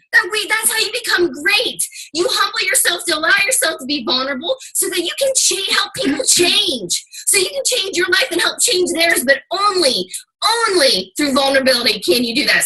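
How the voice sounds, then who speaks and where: A woman's voice: very high voice, bright, forceful tone, rough recording. A woman giving a fired-up motivational talk to her team, emphatic and casually swearing. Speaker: team leader.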